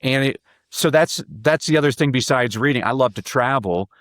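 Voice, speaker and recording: A man's voice: medium pitch, normal speed, a bit bright, no room sound, studio quality. A man guesting on a podcast, telling stories with enthusiasm, often repeating his first words before a sentence gets going. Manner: enthusiastic, repeats words when starting sentences, acts out quotes. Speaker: guest, speaker and professor. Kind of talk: animated podcast storytelling.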